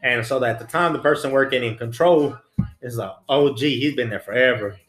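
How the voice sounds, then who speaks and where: A man's voice: mid-range voice, a little fast, a bit bright. A man, a former prison officer, telling a story in casual, blunt, profane street slang. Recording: roomy echo, faint music.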